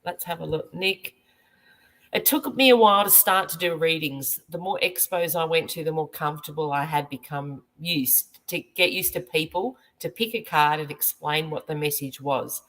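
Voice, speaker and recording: Australische vrouw met lage stem. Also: female voice, low voice, moderate pace, a bit bright, poor audio. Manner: reads viewer comments aloud, laughs often. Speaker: medium and host. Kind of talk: casual chat.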